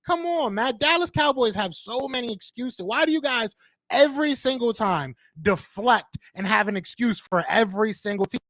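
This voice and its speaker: High-voiced man in a heated debate. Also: lively intonation, moderate pace, a bit bright, no echo. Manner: argumentative, talks over his opponent, repeats himself. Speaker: podcast co-host.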